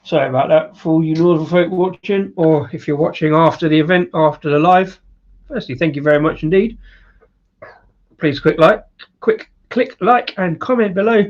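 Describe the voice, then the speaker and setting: A man's voice: fairly high pitch, steady tone, moderate pace, lo-fi sound. A man hosting a casual live-stream beer review, rambling with lots of fillers and chuckles. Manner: rambling, with many fillers and laughs.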